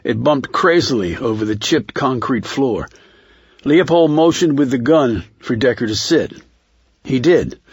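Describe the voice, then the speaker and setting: A man narrating a thriller audiobook in a measured, steady reading. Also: mid-range voice, breathy edge, no echo.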